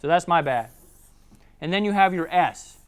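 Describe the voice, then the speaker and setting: A young man with a Southern US accent giving a casual sales training talk, acting out customers in quick voices. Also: on the high side, lively intonation, clear, resonant tone.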